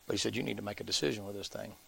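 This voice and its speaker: Folksy preacher with a gravelly voice. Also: male voice, fairly low pitch, steady tone, very fast, fairly bright tone. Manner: folksy storyteller, acts out characters' voices. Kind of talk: sermon storytelling.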